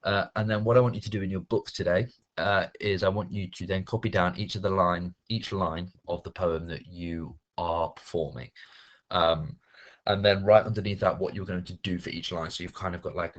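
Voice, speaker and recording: Deep-voiced male teacher. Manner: clear, encouraging, stresses words when reading aloud. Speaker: primary school teacher. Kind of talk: recorded remote lesson with a dramatic poem reading.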